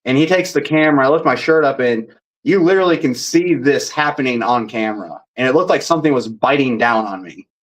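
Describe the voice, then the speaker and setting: A man's voice: mid-range voice, fairly quick, low-quality recording. Male paranormal investigator guest, chatty and rambling, mid-range voice. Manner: rambling, animated, reenacts dialogue. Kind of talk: casual storytelling.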